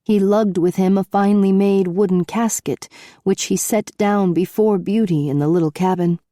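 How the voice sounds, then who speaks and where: A woman reading a novel aloud in a measured storytelling manner. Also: mid-range voice, steady tone, mellow, dry recording. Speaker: audiobook narrator. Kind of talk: scripted narration.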